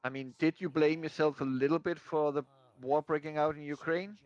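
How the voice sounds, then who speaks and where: A man chatting casually with a streamer, speaking deliberately with a dry, teasing manner. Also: fairly high pitch, fairly even intonation, a little mellow, dull audio. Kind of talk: casual chat.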